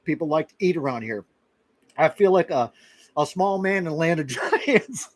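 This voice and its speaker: A man's voice: on the high side, expressive, normal speed, no echo, rough recording. A middle-aged man from Florida hosting a casual live chat, talking in a rambling, conversational way with restarts and asides. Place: rural outpost in western Kentucky.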